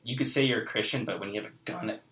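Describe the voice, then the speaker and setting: A man in his twenties gives a heartfelt personal testimony, rambling and filling pauses with "you know" and "like". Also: lowish voice, a bit bright. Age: 20s. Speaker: guest. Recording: echoey room.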